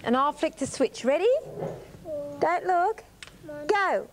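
Woman, high and sing-song, coaxing little kids through a studio game; hissy 1980s TV tape. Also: expressive, slow pace. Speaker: children's television host. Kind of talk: teaching preschoolers in a studio. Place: television studio with children.

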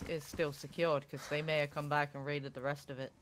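A man's voice: a little high, little pitch movement, brisk, a bit bright, slight background noise. A man chatting casually as a gaming partner on a stream, easygoing and agreeable.

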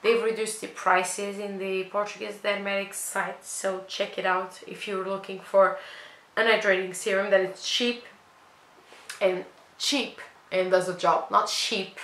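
A woman's voice: medium pitch, level tone, a little slow, a bit bright. A woman beauty vlogger reviewing products she has used up, in a chatty, dramatic, self-mocking way. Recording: echoey room with faint noise.

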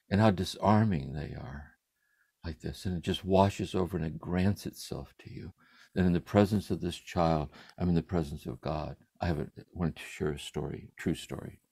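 An older man speaking from a room at home over a livestream, giving a contemplative spiritual reflection in a meditative way, letting his phrases trail off softly. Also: deep voice, gravelly, no echo. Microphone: livestream computer mic.

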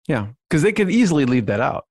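A man hosting a podcast, asking follow-up questions in a relaxed way with frequent hesitations. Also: fairly high pitch, fast talker, no room sound, studio quality. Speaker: podcast host. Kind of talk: casual interview.

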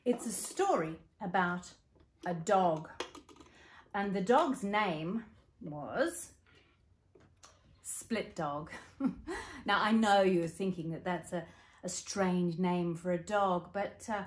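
Australian female storyteller for children, unhurried, playful, interactive with listeners. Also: lowish voice. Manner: playful, animated sound effects, addresses listeners.

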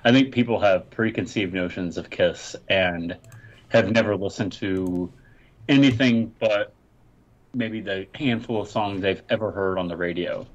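A man on a podcast panel, an animated storyteller chatting casually. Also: fairly low pitch, measured pace. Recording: dull lo-fi line with faint noise.

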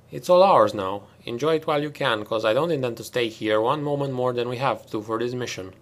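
A hard, commanding female marine lieutenant barks clipped, sardonic orders at her squad, as a man reading a sci-fi audiobook puts her on. She speaks louder and a touch higher than the reader's own voice, with a cold bite under the authority. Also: close to an everyday voice.

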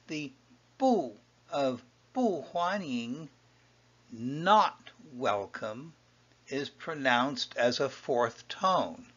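A man teaching a language lesson, patiently explaining and repeating each example in a slow, explanatory way. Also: fairly high pitch, fairly bright tone. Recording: dull lo-fi audio.

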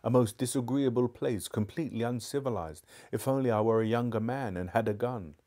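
A man voicing a fussy, cowardly old gentleman magician who speaks primly and wheedlingly, read aloud live from a storybook. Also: mid-range voice, fairly quick, natural voice. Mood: prim disdain. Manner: prim, wheedling. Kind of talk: live audiobook reading.

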